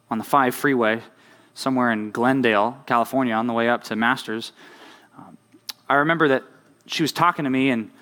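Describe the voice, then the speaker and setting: The voice is medium-pitched and a bit bright, belonging to a young youth pastor. He's preaching to a youth group in a conversational style. He keeps asking "right?" as he goes.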